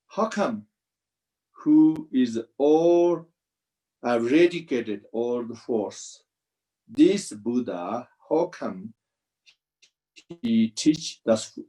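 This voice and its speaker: Brief: male Buddhist teacher, unhurried, halting restarts, video-call audio. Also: mid-range voice, dark tone, rough recording. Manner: slow, halting non-native English with restarts. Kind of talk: dharma teaching commentary.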